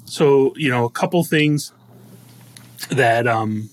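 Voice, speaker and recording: A man's voice: medium pitch, slow. A middle-aged man co-hosting a podcast, telling personal stories in casual chat with jokes and frequent laughs. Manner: joking, self-deprecating storyteller who laughs often. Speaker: podcast co-host.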